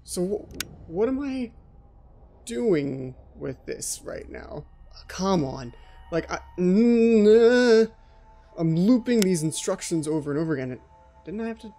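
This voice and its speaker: Man, horror game let's play commentary, jumpy, anxious, repeats himself, mellow tone, faint music behind. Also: high voice, very animated, takes it slowly. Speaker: gaming channel host.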